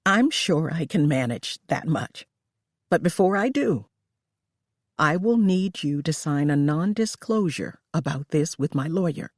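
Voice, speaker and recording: The narrator voicing a wealthy, cornered woman who speaks in a tense, sharp, demanding way. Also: mid-range voice, animated, unhurried, no echo, studio quality.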